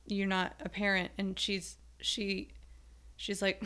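A woman's voice: medium pitch, monotone, slow pace, bright, forceful tone, smooth. A young woman hosting a podcast in casual chat, chatty and laughing often. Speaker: podcast host.

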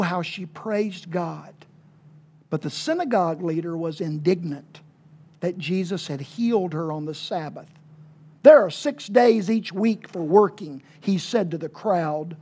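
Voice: mid-range voice, dark tone. Chatty small-church pastor preaching. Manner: conversational, halting with fillers, emphatic asides. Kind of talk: informal sermon.

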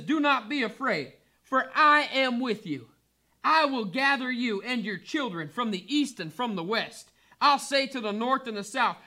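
A man's voice: very high-pitched, pushed and bright. A pastor preaching a fervent sermon, a man building emphatic repeated lines.

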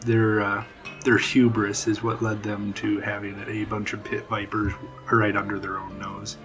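A man's voice: on the low side, completely flat delivery, a little slow, fairly bright tone, soft background music, low-quality recording. A man playing a blunt, cynical brawler. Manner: blunt, dismissive. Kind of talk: tabletop role-play in character.

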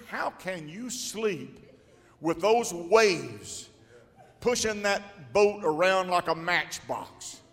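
A man preaching in a big church, his voice high and bright, with long reverb trailing each line. He speaks slowly and deliberately, then rises into shouted, drawn-out exclamations. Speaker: pastor. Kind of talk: preaching a sermon. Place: large church hall.

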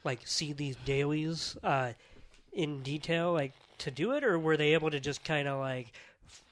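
A man's voice: fairly high pitch, moderate pace, a bit bright. A man in casual podcast talk, asking about a movie with many fillers and hesitations. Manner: hesitant, filler-heavy questions. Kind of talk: casual film discussion.

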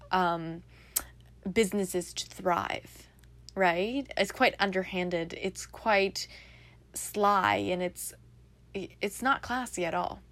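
A woman's voice: medium pitch, fairly bright tone, no room sound. A young adult woman hosting a casual solo podcast, rambling and reflective with lots of fillers. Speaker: podcast host.

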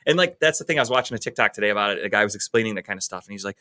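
Fast, bright-voiced casual podcast guy. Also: fairly low pitch, dry recording. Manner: laid-back, swears often, animated storytelling. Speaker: podcast co-host. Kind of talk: casual chat.

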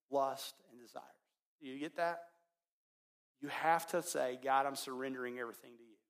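A man preaching as a pastor, telling a story in his sermon and swinging between loud, excited passages and hushed ones. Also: fairly high pitch.

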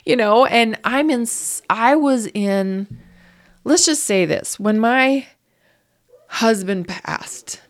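A woman's voice: a little high, lively intonation, takes it slowly. A woman guest telling a painful personal story in an interview, raw and grieving, her voice surging up when upset. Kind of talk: emotional interview.

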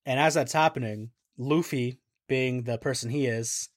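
A man's voice: medium pitch, normal speed, no echo, studio quality. A man co-hosting a podcast, recapping a scene in offhand, profane casual chat. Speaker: podcast co-host.

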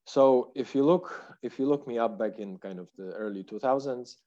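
A man's voice: mid-range voice, normal speed, dark tone, highs cut off. A middle-aged man from Poland with a Polish accent, telling stories as an interview guest, full of fillers and restarts. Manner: rambling, many fillers and restarts. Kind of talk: casual interview storytelling.

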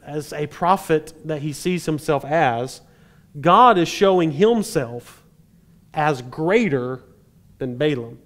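Man, preacher, sermon, conversational, wry asides, slightly high-pitched. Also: slow pace. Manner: conversational, animated retelling with dry humor.

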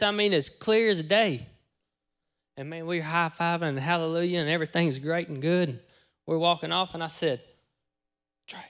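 A man preaching a testimony sermon, telling his story in a folksy way and acting out his own words with sudden loud bursts. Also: fairly high pitch, brisk, clean tone. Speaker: pastor.

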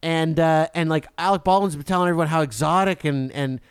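A man co-hosting a podcast, telling a story in animated casual banter and swearing freely. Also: a little high, fairly quick, clear, resonant tone, no echo, clean studio sound. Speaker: podcast co-host.

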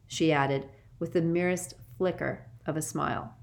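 A woman narrating an audiobook in a measured, expressive storytelling manner. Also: low-pitched, vocal fry.

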